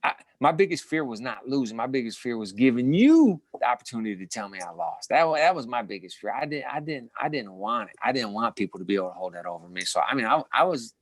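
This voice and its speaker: A man's voice: medium pitch, quick pace, hardly any pauses, dry recording. A middle-aged man, a former boxing champion, telling stories from his career in a casual interview, full of restarts and short laughs. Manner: animated storyteller with many restarts and repeated words.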